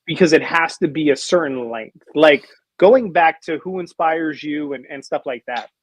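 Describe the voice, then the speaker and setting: A man's voice: fairly high pitch, moderate pace, no room sound. A man on a podcast, talking bluntly and emphatically in casual chat, swearing now and then. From raised by New Jersey people. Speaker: podcast co-host.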